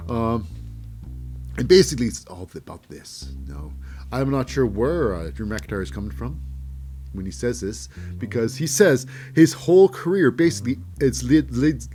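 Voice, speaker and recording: A man recaps a wrestling episode in a loose, cynical monologue, wandering between thoughts and stumbling over fillers. His pitch jumps about a lot as he talks. Faint guitar music plays behind him. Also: sing-song, moderate pace, darkish tone. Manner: cynical, rambling, with hesitant fillers and mocking voices for the wrestlers. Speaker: wrestling show host. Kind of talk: casual recap commentary.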